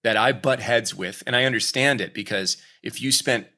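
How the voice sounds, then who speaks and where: A voice actor chatting casually in an interview, lively and acting out quoted lines as he coaches. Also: medium pitch, moderate pace. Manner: animated, acts out quoted voices. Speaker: voice actor guest.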